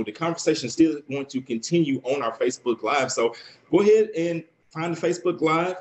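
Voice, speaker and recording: A man hosting a radio talk show, soft-spoken, reading listener comments aloud. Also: medium pitch, a little hiss or hum, rough recording. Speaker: radio host.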